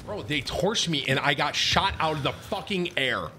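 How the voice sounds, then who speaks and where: A man's voice: fairly high pitch, expressive, normal speed, sharp tone. A man streaming a shooter game with friends, swearing and trading sarcastic trash talk. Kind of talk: casual gaming chat.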